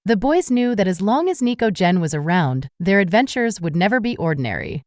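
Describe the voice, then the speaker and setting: Lively woman reading a whimsical story. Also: medium pitch, fairly quick, dry recording, studio quality. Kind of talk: storybook narration.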